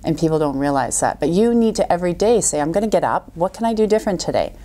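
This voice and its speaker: A middle-aged woman who speaks as a podcast guest, with a fairly low voice for a woman. She is an animated storyteller and acts out what people say in little quoted voices. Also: fast talker, slight background noise. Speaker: guest coach. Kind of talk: podcast interview.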